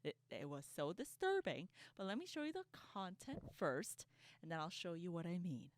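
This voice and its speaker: A woman giving casual reaction commentary, sarcastic and quick to laugh, stumbling over repeated words as she rants. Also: lowish voice, big pitch swings, a little hiss or hum. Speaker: online commentator.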